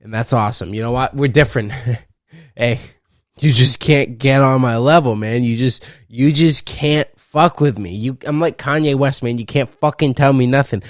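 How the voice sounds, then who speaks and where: A man's voice: mid-range voice, normal speed, dry recording. A young man rambles through a solo podcast, swearing freely and joking around. His voice sits in an ordinary middle register. The sound is dry and close, with no room around it. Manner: profane, rambling, playful with bursts of loud laughter. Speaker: podcast host. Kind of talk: casual solo podcast rant.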